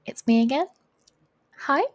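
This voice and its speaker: A woman's voice: high voice, expressive, unhurried. A young woman reading a novel aloud at home, breaking off with chatty, giggly comments. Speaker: reader of a novel. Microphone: home voice recording.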